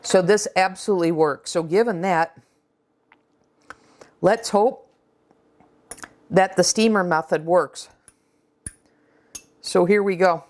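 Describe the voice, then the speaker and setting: A woman hosting a casual cooking vlog runs a taste test, chatting with fillers and restarts. Her fairly low, slightly mellow voice moves slowly and pauses often.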